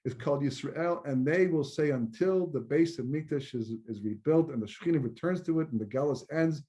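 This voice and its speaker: Speaking fairly quickly in a fairly high-pitched voice with a dark tone, a rabbi and teacher delivers a conversational Torah lecture. He often repeats words and mixes in Hebrew terms.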